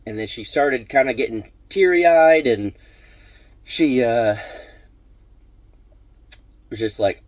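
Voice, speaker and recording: A man's voice: lowish voice, slow, long pauses, no room sound. A man casually telling a personal story on his vlog, rambling with many fillers and restarts. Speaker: vlog host.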